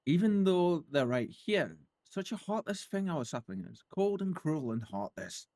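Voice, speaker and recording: A man's voice: fairly high pitch, very animated, measured pace, a little mellow, no room sound, pitched above the performer's own voice. A man voicing a haughty, theatrical fairy, reading the lines in a grand, melodramatic way. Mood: wounded.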